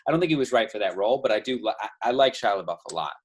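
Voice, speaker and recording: A man's voice: on the low side, animated, very fast, husky. A man chatting casually, earnest and repeating himself as he works out a point. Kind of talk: casual chat.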